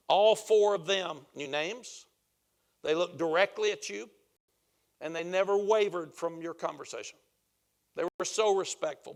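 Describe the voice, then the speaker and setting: A man's voice: sits high, vocal fry, a bit bright. An older man, a football coach, giving a clinic talk to a room of coaches and telling folksy stories with acted-out quotes. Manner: folksy storyteller who acts out quoted lines. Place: meeting room with an audience.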